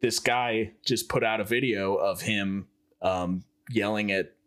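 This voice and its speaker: A man's voice: on the low side, measured pace, a bit bright. A man co-hosting a podcast in casual chat, chatty and joking, rambling through his points. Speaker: podcast co-host.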